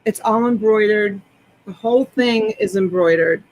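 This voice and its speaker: A woman's voice: medium pitch, normal speed, darkish tone, rough recording. A woman hosting a live selling stream, chatting enthusiastically as she describes each clothing item. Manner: enthusiastic, rambling product descriptions. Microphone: desktop USB microphone.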